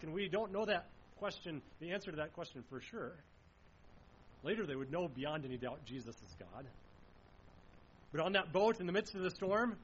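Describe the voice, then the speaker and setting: Guy preaching a sermon, kinda high voice, earnest, lots of rhetorical questions, muffled recording. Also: fairly bright tone, a little hiss or hum. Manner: earnest, uses rhetorical questions, some restarts.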